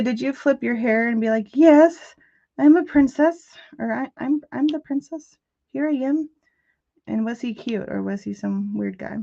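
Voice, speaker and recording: A chatty woman hosts a crafting livestream from her country home, joking and giggling with viewers as she works. Her voice sits at a middle pitch, and the audio is a little dull and lo-fi. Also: creaky, mellow. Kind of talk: casual livestream chat while crafting. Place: rural home.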